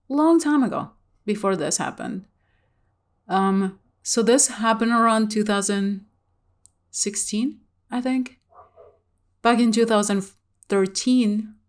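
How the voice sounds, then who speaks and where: A woman talks straight to the camera in a loose, candid vlog style. Her voice sits in an ordinary middle pitch, and she rambles through her story with plenty of fillers and laughter. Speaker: spiritual vlogger.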